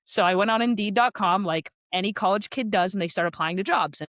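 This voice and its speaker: A woman's voice: mid-range voice, fairly bright tone, no room sound. Chatty woman with a dry close sound. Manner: chatty, frequent "like" fillers, quick asides. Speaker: podcast guest, sales rep. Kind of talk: casual storytelling.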